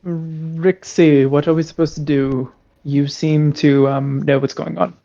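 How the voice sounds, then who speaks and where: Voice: medium pitch, little pitch movement, a little slow, warm tone. A player in a casual tabletop game chat, teasing and joking with the others, on a muffled lo-fi recording.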